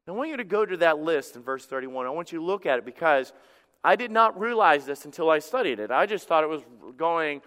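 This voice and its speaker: A man, a pastor, preaching a sermon in an animated way, acting out quoted voices and often repeating words as he goes. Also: fairly high pitch, brisk, in a large hall.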